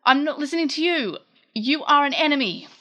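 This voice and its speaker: A woman's voice: a little high, lively intonation, normal speed, pushed and bright, highs cut off, pitched above the performer's own voice. A woman voicing a touchy, defensive male wizard creature with amnesia, pained and exclaiming.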